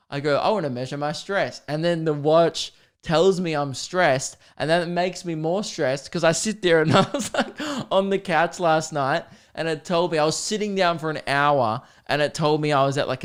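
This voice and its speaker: A man's voice: fairly high pitch, clear, resonant tone. Swearing, ranting young man. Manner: swears a lot, laughs and jumps to loud exasperated outbursts. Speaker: podcast host. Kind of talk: comedic rant.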